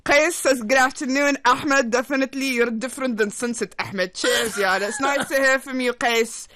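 A woman's voice: high voice, normal speed, a bit bright. A woman hosting a casual radio chat show from a studio, teasing her co-host and laughing often.

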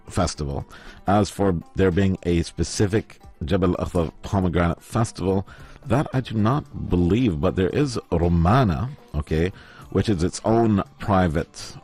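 A man's voice: deep voice, a little mellow. A man hosting a live morning radio show from the studio, chatting casually and reading out listener messages, with a slight lisp. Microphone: studio microphone.

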